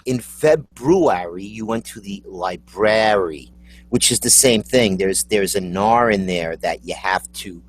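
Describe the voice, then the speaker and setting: A man's voice: fairly low pitch, steady tone, normal speed, hardly any pauses, a bit bright, no room sound. A man chatting casually about word pronunciations, joking and drawing out the words he spells.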